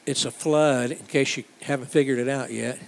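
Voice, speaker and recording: A missions ministry leader runs a church missions talk, emphatic and repetitive, hammering key phrases and calling the audience to repeat after him. His voice is medium-pitched and creaky, with a steady tone and moderate pace.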